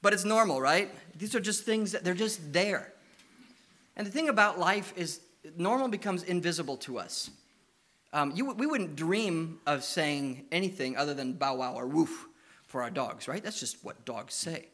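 A man preaching a sermon. He tells lively stories and coaxes the children with questions. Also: on the high side, normal speed. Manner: lively anecdotal storytelling, coaxing questions to children.

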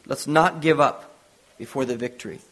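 A man's voice: medium pitch, moderate pace, fairly bright tone. A man preaching a sermon, retelling a Bible story with earnest storytelling and acted-out dialogue.

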